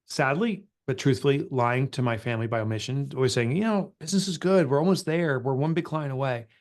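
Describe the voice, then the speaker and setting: A middle-aged man and author, candidly telling an emotional personal story in an interview. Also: medium pitch. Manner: earnest, emotional, confessional. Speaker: author and guest.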